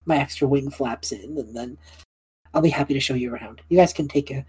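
A woman voicing a polite, gently formal winged man who keeps a small pet dragon. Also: rumbling low, fairly quick, breathy edge, exaggerated voice. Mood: courteous.

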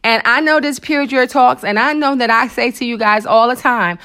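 A woman's voice: fairly high pitch, moderate pace, clean tone. A woman hosting a Christian motivational talk, speaking emotionally and conversationally to her listeners, with asides and exclamations to the Lord. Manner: expressive, emotional, animated preaching with frequent asides; conversational, addresses listeners as girl and honey. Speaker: host of a faith talk show.

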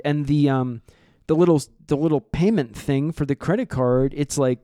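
A man co-hosting a comedy podcast, recapping an episode's plot in an animated way and slipping into silly voices. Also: a little high, normal speed, hardly any pauses, no room sound, clean studio sound. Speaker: podcast co-host.

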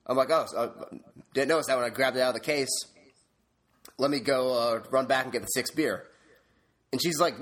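A man's voice: medium pitch, a little fast, long pauses, fairly bright tone. A man in his twenties telling a story on a podcast, profane and heated, laughing often as he rants. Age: 20s. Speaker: podcast co-host. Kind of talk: casual ranting storytelling.

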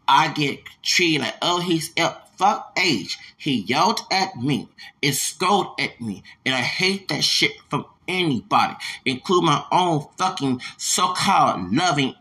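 A man's voice: on the high side, bright, forceful tone. A man hosting a podcast, delivering an angry, profane, confrontational rant that circles back on itself. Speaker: podcast host. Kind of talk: angry ranting monologue.

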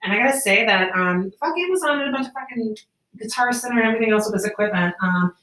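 A woman hosting a casual podcast, telling a story in a profane, animated way with quick laughs. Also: on the high side. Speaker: podcast host. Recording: roomy, distant amateur podcast mic.

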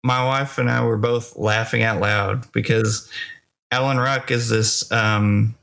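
A man's voice: fairly low pitch, steady tone, slow, vocal fry, fairly bright tone. A man co-hosting a movie review podcast, talking casually and hesitantly with many fillers. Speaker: podcast co-host.

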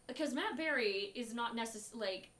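A woman co-hosting a podcast, chatting casually and quickly about a film with lots of filler words. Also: a little high, animated, fairly bright tone. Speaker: podcast co-host. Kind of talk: casual chat reviewing a film.

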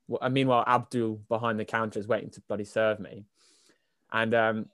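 A man's voice: lowish voice, flat delivery, a little fast, fairly bright tone, no echo, studio quality. A young man co-hosting a podcast, telling stories in casual chat, often laughing and swearing. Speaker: podcast co-host.

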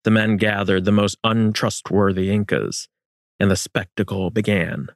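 A man reading historical fiction as narrator in a measured, solemn manner. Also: on the low side, creaky, dry recording, clean studio sound.

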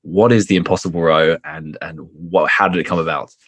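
A man's voice: low voice, fairly even intonation, a little fast, a bit bright, no room sound. A man hosting a casual interview, often repeating himself and cutting in eagerly with questions. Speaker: podcast host.

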